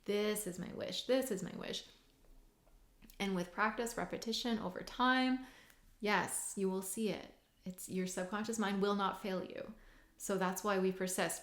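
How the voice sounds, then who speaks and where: Brief: woman coach, conversational and earnest, mid-pitched voice, roomy echo. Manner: conversational, many "like" and "right?" tags, earnest. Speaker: hypnotherapist and mindset coach. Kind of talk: casual teaching monologue.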